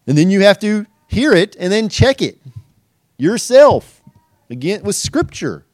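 Animated man preaching verse by verse. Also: high-pitched, a little slow, no room sound, studio quality. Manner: animated, rhetorical questions, acts out quoted voices. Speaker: pastor and teacher. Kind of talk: verse-by-verse sermon.

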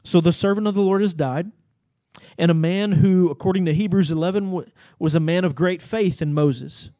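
A man's voice: sits high, normal speed, dark tone, no room sound. A man giving a Bible teaching sermon, explaining the text in a conversational way with fillers and asides. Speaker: pastor.

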